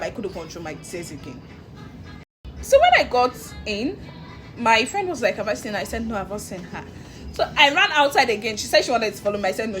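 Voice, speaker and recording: Woman vlogger, highish lively voice, emotional storytelling, faint music underneath. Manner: animated, emotional retelling with laughs. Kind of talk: casual storytelling to camera.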